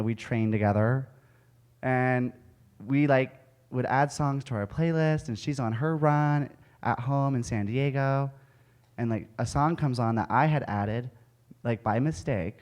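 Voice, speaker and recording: A young man giving a speech to an audience, telling a candid personal story and laughing often as he goes. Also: medium pitch. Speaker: speaker at an event. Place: auditorium with audience.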